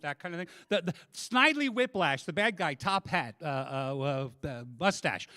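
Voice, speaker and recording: A man's voice: medium pitch, moderate pace, clean tone. Self-deprecating male stand-up comic. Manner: self-deprecating, animated storytelling. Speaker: stand-up comedian. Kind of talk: stand-up comedy set. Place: live comedy stage. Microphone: handheld microphone.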